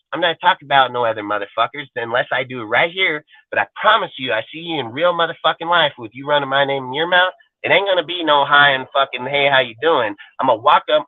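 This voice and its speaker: A man's voice: medium pitch, no room sound, narrow, tinny audio. A man hosting a channel, ranting profanely and confrontationally at critics on a livestream. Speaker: channel host. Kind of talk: angry livestream rant.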